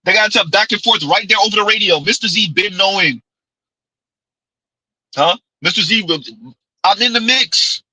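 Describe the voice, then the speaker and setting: A man's voice: high-pitched, moderate pace, long pauses, pushed and bright, husky, dry recording, rough recording. A man hosting a commentary livestream, talking emphatically and repeating himself, sometimes calling himself by name in the third person. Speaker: livestream host.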